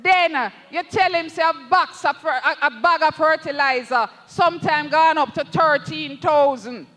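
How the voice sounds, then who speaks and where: A political candidate with a Jamaican accent gives an impassioned rally speech in a large hall, calling the crowd comrades and slipping into patois. The voice is high, bright and forceful, at normal speed.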